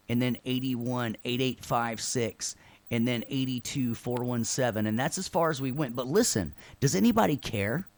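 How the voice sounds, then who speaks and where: Instructing an online class in a medium-pitched, clean voice, a man keeps things relaxed and jokey with sarcastic comments. He constantly tags his sentences with "right?" to check on his students.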